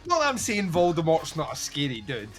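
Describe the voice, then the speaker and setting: A man with a slightly high voice hosts a film podcast at a brisk clip, with faint music in the background. He chats casually and animatedly, swearing and acting out scenes from films.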